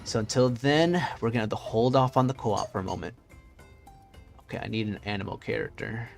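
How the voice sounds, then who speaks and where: A man's voice: fairly low pitch, a little fast, creaky, faint music behind. A man streaming a video game, chatting casually with his viewers and muttering to himself as he searches through menus. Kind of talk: casual gameplay chat.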